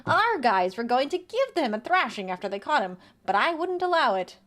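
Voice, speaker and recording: A woman's voice: high-pitched, very animated, moderate pace, a bit bright. A woman reading aloud for a proud, stubborn boy who leads a gang of children in a game, in a light character voice.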